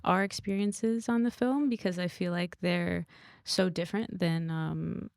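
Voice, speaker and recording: A woman director hosts a casual podcast chat, relaxed and halting with frequent ums. Her voice is slightly low with a gravelly fry. The sound is dry and close. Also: dry recording. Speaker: podcast host and film director.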